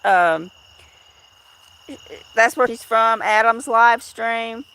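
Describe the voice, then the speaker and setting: A woman's voice: on the high side, very slow, pushed and bright, smooth. A middle-aged woman chatting on a casual outdoor live stream, rambling and greeting viewers by name. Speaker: livestream host.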